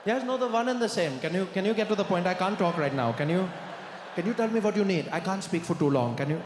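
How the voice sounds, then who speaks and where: A man voicing a grown man on the phone with his mother, flustered, repeating himself and insisting his high voice is fine. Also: animated, quick pace, noisy background. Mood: flustered, defensive. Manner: flustered, repeats himself, keeps cutting the caller off. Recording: live hall with long reverb, faint ambience.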